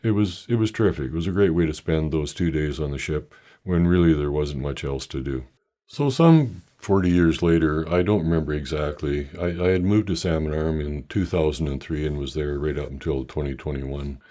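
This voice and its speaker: An older man telling a meandering, self-deprecating personal story with halting restarts. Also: a bass voice, warm tone.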